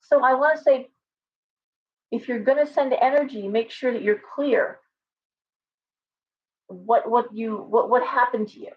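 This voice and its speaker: Woman, livestream tarot host, chatty and animated, slightly high voice, lo-fi webcam sound. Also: a little slow, pauses often. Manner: animated, talks with lots of restarts and asides to viewers. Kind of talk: casual livestream chat. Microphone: webcam with ring light. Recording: slightly dull lo-fi stream audio.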